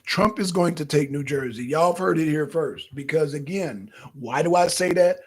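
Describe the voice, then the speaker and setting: Animated high-voiced man, husky. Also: normal speed. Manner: animated, profane, chatting directly to viewers. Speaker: political talk show co-host. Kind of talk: casual livestream commentary.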